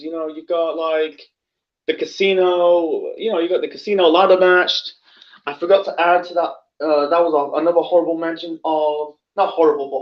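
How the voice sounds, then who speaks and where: A man hosting his own wrestling show in a casual solo talk, halting and full of fillers and restarts. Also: on the high side. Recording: distant, echoey, dull lo-fi audio.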